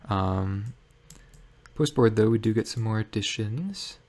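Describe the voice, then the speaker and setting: A man giving casual commentary on his own card game, thinking aloud with many pauses and fillers. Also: on the low side, darkish tone. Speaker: gameplay streamer.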